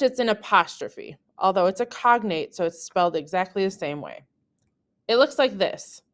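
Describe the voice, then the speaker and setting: A woman narrates a language lesson at an unhurried, measured pace. She says her example words slowly and carefully, like a teacher making sure every sound lands. Her pitch sits in an ordinary middle range. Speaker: French teacher.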